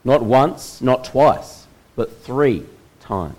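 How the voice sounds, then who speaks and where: A man preaches from the pulpit, unfolding a story at a deliberate pace. His voice sits at an ordinary middle pitch, and he leans on pauses to let each moment land. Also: lively intonation, a little mellow, low-quality recording. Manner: measured storytelling with slow, dramatic pauses. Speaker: pastor. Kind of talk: sermon retelling a Bible story.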